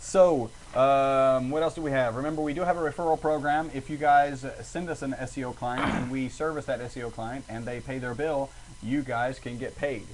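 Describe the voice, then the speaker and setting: A man's voice: medium pitch, fairly even intonation, normal speed, slight background noise, rough recording. A man with a Southern US accent co-hosting a casual podcast, joking around and reading listener reviews aloud. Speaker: podcast co-host.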